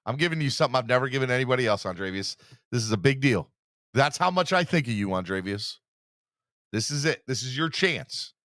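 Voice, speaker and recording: A man hosting a live fan podcast in a casual, teasing, animated way, hyping himself up. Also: mid-range voice, a little fast, no echo, clean studio sound. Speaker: podcast host.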